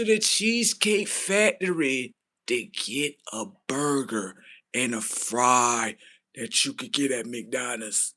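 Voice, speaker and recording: This livestream host takes his time telling a ranting story, his bright voice swinging in pitch. Casual and incredulous, he swears openly, stays animated, and imitates others' words in his own voice.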